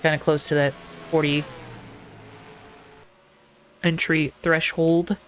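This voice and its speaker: A man's voice: on the high side, flat delivery, slow, fairly bright tone, a little hiss or hum. A man hosting a live sim racing broadcast from the booth, playful and chatty, talking straight to viewers. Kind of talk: live race commentary. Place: commentary booth.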